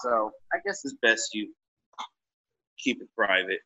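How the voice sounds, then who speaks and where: A man's voice: on the low side, animated, measured pace, bright, forceful tone. A man from Indiana co-hosting a podcast, laid-back in casual chat with short agreeing replies. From Gary, Indiana. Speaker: podcast co-host. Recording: dull lo-fi sound.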